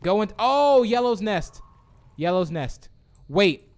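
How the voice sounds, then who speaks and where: Upbeat male streamer, higher-pitched, voice bouncing all over, chatty live game commentary. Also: slow pace. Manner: excitable, reads chat aloud, swings from shouts to mumbles. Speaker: livestream host.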